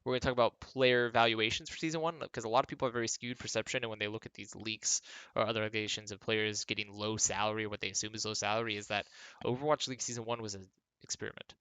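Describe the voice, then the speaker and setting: A man's voice: lowish voice, steady tone, fast, fairly bright tone, clean tone, no echo. A tired young man, a former esports pro, talking in a casual vlog monologue from his home workspace, rambling with lots of fillers and dry sarcasm.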